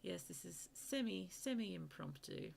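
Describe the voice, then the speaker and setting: A woman's voice: fairly low pitch, sing-song, a little slow, creaky, a little mellow, a little hiss or hum. A young woman streamer chatting casually late at night while wrapping gifts, sleepy and yawning, often dropping to a half-whisper and teasing herself.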